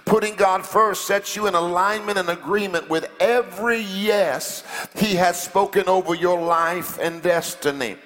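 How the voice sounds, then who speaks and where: High, bright-voiced preaching pastor. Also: male voice, unhurried, in a large hall. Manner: fiery call-and-response preaching, building to shouts. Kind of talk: sermon. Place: church sanctuary.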